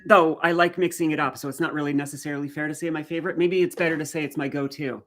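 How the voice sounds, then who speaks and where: A woman's voice: deep voice, fairly even intonation, quick pace, fairly bright tone. A middle-aged woman from the Canadian Maritimes with a faint Maritime accent, chatting casually on a live stream and answering viewer comments as she goes.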